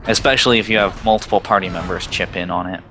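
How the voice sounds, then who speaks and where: A man's voice: deep voice, fairly even intonation, fast, sharp tone, soft background music. A man chatting casually over a game stream, musing aloud with lots of fillers. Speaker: livestream co-player. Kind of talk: casual chat over gameplay.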